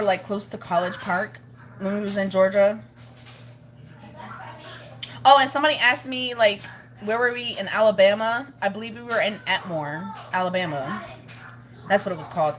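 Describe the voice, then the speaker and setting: A woman's voice: mid-range voice, moderate pace, pauses often, a bit bright. A woman vlogging in a rambling, chatty way, laughing often as she talks to her viewers. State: pregnant, with morning sickness. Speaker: family vlogger. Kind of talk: casual chat to camera.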